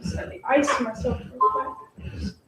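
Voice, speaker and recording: Woman co-host, fairly high voice, casual scolding of a dog, noisy echoey room. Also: fairly even intonation, unhurried, recorded from a distance. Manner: scolds another dog, chatty. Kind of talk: casual vlog.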